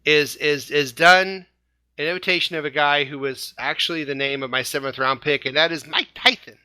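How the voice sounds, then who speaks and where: A man's voice: on the high side, steady tone, normal speed, sharp tone, clean tone, dry recording. A man co-hosting a casual fan podcast, jokey and playful, often laughing at his own puns. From Indiana, USA. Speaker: podcast co-host.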